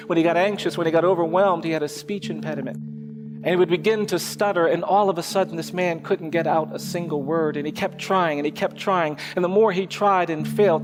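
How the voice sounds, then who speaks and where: In an echoey hall where faint music plays, a male lawyer gives a public speech recounting something personal. His voice is a little high, and his phrasing is measured, rhythmic, and repetitive.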